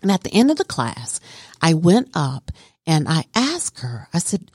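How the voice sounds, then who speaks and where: A woman with a low voice tells her story to an interviewer. She speaks with earnest conviction and stresses her points. The sound is dry and close. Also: very animated, normal speed, darkish tone, breathy edge, dry recording. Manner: earnest and emphatic, talks with conviction. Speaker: guest.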